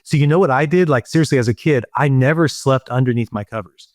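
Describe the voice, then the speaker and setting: A middle-aged man co-hosting a podcast chat, animated and full of restarts as he tells a story. His voice sits at an ordinary middle pitch. The sound is dry and close to the mic. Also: quick pace, no room sound. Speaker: podcast co-host. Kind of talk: casual chat.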